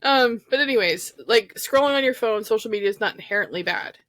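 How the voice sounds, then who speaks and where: A woman co-hosts a trauma recovery podcast over a remote call, chatting casually and talking things through in a reflective, rambling way full of fillers. Her voice is a little high, expressive, fairly quick, and fairly bright, with no echo.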